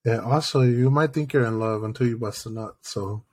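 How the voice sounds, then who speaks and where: A man's voice: medium pitch, normal speed, darkish tone. A man co-hosting a podcast, talking in a laid-back, profane casual way. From Mexican-American. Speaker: podcast co-host. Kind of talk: crude casual chat.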